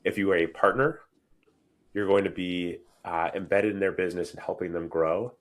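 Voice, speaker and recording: A man's voice: sits low, moderate pace. A man hosting a podcast, making his point emphatically and restarting phrases as he thinks aloud. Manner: emphatic, repeats words while thinking. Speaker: podcast host. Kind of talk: conversational podcast discussion.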